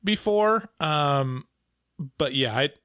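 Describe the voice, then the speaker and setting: A man co-hosting a casual podcast chat, playful and quick to laugh. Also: fairly high pitch, animated, bright, forceful tone, dry recording, studio quality. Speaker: podcast co-host.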